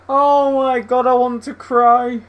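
A young man commentating his own football video game, swearing, swinging between loud outbursts and low muttering. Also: highs cut off. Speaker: gaming YouTuber. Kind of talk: live gameplay commentary.

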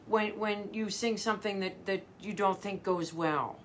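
A woman's voice: medium pitch, steady tone, takes it slowly, few pauses, a bit bright, a little hiss or hum. A middle-aged woman vocal coach giving a live motivational talk, earnest and emphatic, repeating her key phrases.

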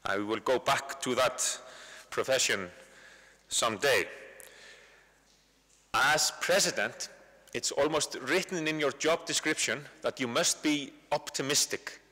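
A man's voice: medium pitch, unhurried, long pauses, sharp tone. A man with an Icelandic accent giving a conversational university lecture, often repeating words while he finds his phrasing. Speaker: guest lecturer. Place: large university lecture hall. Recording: long hall reverb.

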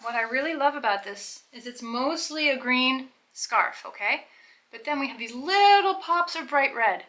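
Bright, chatty woman vlogger. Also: sits high, lively intonation, normal speed, poor audio. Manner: chatty, enthusiastic, explaining. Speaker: fashion vlogger. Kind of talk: casual try-on vlog to camera.

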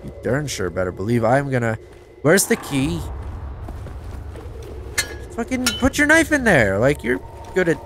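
A man giving casual let's-play commentary, excitable, talking to himself and swearing, with sudden yelps of surprise. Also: on the high side, unhurried, long pauses, noisy background. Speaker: gameplay commentator.

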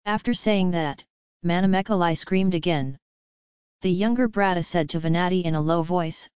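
A woman narrating an audiobook novel in an even, formal storytelling manner. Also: fairly low pitch, moderate pace, smooth, no echo, muffled recording.

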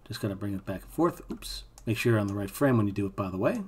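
A man's voice: fairly low pitch, lively intonation, fast, a little mellow, slight background noise. A man teaching animation in a screen-recorded tutorial, thinking aloud as he works, with casual asides to his students. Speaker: animation instructor.

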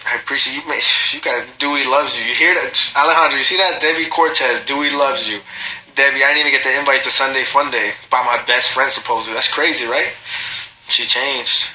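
Man with a very bright, sharp voice. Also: medium pitch, rough recording. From Guatemalan family. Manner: slangy, swears freely, reads comments aloud and answers them. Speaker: livestreaming reality TV personality. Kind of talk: casual livestream chat reading viewer comments. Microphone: phone.

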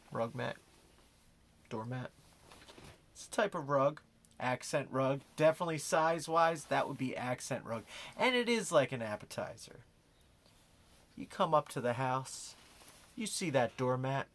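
A man doing a deadpan comedy monologue as an over-earnest self-proclaimed rug expert, slipping into savoring, hushed breathy asides. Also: fairly high pitch. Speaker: comic rug expert character.

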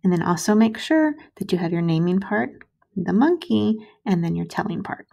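Lady teacher talking to little kids, slow and patient, a bit gravelly, warm mellow tone. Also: medium pitch, expressive, lo-fi sound. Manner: slow, patient, spelling words out for young children. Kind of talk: recorded early-grade writing lesson.

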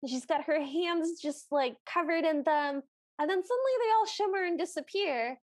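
A woman's voice: very high voice, normal speed, dry recording. A woman co-hosting a podcast, casually recapping a film and retelling its scenes with animation. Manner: animated retelling, acting out quotes. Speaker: podcast co-host.

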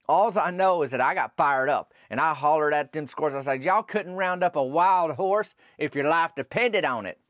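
A middle-aged man with a rural Southern drawl tells a long, meandering story in an unhurried, deadpan way. His voice sits in an ordinary middle register. The recording is dry and close, with no room sound. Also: mid-range voice, no echo. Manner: slow, rambling and drawling, with rural dialect. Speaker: podcast host.

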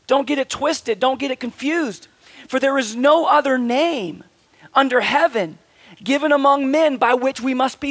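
High-voiced man preaching a sermon. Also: no room sound. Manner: conversational, emphatic preaching with rhetorical questions. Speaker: pastor.

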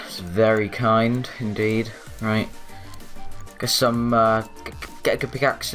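A man giving chatty let's play commentary, rambling and excitable, with frequent exclamations. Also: on the low side. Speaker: gaming YouTuber.

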